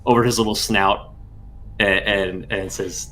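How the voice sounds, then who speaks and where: A man narrating a tabletop role-playing game as game master, describing scenes in a measured storytelling way. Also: fairly low pitch, steady tone, sharp tone, soft background music.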